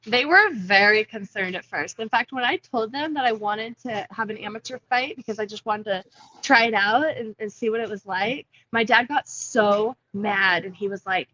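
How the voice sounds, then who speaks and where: A woman's voice: mid-range voice, normal speed, pushed and bright, lo-fi sound. A woman in her thirties, a fighter chatting casually as a guest on a video call from a coffee shop, laughing easily. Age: 30s. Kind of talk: casual interview.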